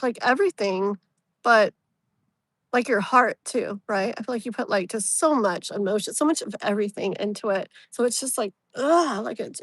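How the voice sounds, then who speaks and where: A woman reads tarot on a live stream, her voice sitting a bit high for a woman. Her talk is loose and meandering, filled with "like" and "you know," as she warmly calms the viewer with terms of endearment. It's recorded close and dry, with no echo.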